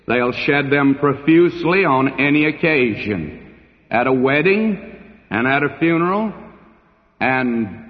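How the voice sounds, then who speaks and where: An older man delivers a sermon in an unhurried, measured cadence, leaning on long pauses for weight. His voice carries through a large hall with a lingering reverb. The recording itself sounds dull and dated. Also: mid-range voice. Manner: slow, deliberate preaching with dramatic pauses. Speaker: pastor.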